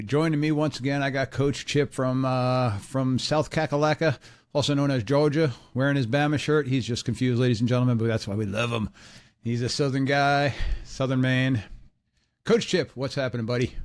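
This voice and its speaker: A man's voice: mid-range voice, steady tone, moderate pace. A man who referees, hosting a casual podcast in a loose, joking way with lots of fillers. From northern United States.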